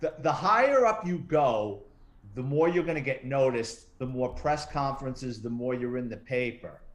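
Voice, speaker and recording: A man's voice: mid-range voice, normal speed. A middle-aged man, a retired detective, telling stories in a casual interview and acting out the voices of people he quotes. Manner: animated, acts out quoted voices. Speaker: retired police detective and author, interview guest. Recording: roomy echo.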